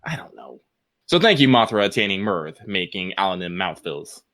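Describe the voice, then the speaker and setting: A man co-hosting a podcast, chatting casually and reading out listener mail in an animated way, laughing often. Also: fairly low pitch, normal speed. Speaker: podcast co-host.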